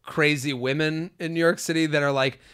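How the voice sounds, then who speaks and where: A man's voice: fairly high pitch, fairly quick, smooth. A man hosting a casual comedy podcast, telling stories with lots of energy and acting out the voices and screams. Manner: animated storyteller, acts out screams and voices. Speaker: podcast host.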